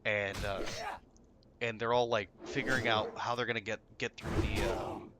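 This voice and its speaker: A man's voice: lowish voice, level tone, moderate pace, noisy background. A man telling a story in casual chat, rambling with many fillers.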